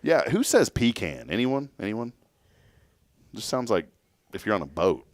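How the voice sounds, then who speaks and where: A man's voice: on the low side, big pitch swings, unhurried, no room sound. A man hosting a casual studio talk show, joking and laughing. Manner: jokey, laughing, plays with words. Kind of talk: casual chat. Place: studio with audience.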